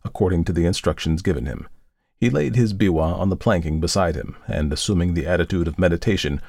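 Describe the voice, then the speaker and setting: Hoarse male podcast narrator, deep and gravelly, measured and solemn. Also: darkish tone, no echo, clean studio sound. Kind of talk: scripted story narration.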